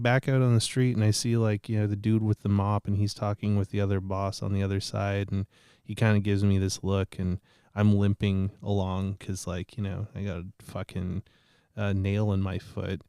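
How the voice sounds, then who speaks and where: A man's voice: lowish voice, level tone, normal speed, warm tone, clean tone, dry recording, clean studio sound. A man telling a rambling, profane, self-mocking story in casual podcast chat.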